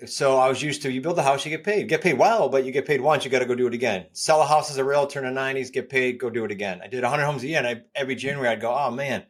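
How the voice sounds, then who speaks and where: Energetic man with a New England accent. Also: rapid-fire, hardly any pauses. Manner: energetic, pitching, repeats key points. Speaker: guest, real estate coach. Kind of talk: podcast interview.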